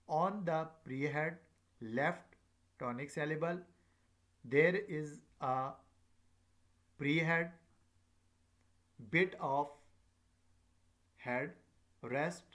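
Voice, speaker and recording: A man giving a recorded lecture, hesitant and full of filler sounds, repeating his examples slowly to stress them. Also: fairly high pitch, fairly bright tone.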